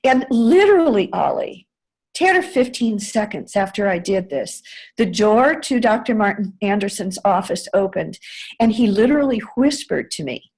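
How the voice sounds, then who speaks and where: A woman's voice: mid-range voice, very animated, moderate pace, gravelly, darkish tone, husky, poor audio. An older woman from the United States, telling a long story in an interview, with many fillers and self-corrections. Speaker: interview guest, former White House staffer. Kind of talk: conversational storytelling.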